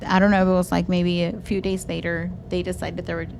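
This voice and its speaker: A young woman with a Texan accent, co-hosting a podcast and telling a story in casual chat, animated, swearing freely and slipping into Spanish phrases. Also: fairly low pitch, fast talker, vocal fry, slight background noise. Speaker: podcast co-host.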